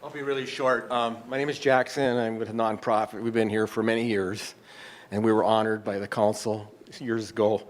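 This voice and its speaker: Nonprofit guy at the mic, casual and kinda halting, sincere thanks. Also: on the low side, little pitch movement. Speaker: nonprofit representative. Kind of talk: public comment. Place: council chamber.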